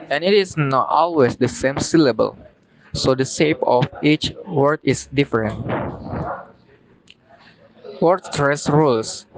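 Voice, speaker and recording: Slow, careful young man with an Indonesian accent. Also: medium pitch, poor audio. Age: young adult. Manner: slow, careful reading with pauses between phrases. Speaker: student. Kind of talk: recorded class presentation.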